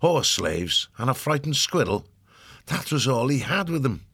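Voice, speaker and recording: A man narrating an audiobook in a steady, measured storytelling manner, recorded on a close studio mic. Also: medium pitch, slightly rough, dry recording.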